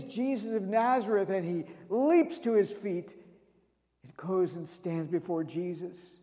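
Pastor, male, high and unhurried, dramatic storyteller, sanctuary reverb. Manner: dramatic, swings from loud to hushed. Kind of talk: sermon storytelling. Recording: long reverb of a large hall.

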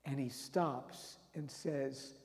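A man preaching a dramatic sermon, retelling a story with swings between loud and hushed delivery. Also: medium pitch, fairly even intonation, drawn-out words, creaky. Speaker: pastor. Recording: long reverb of a large hall.

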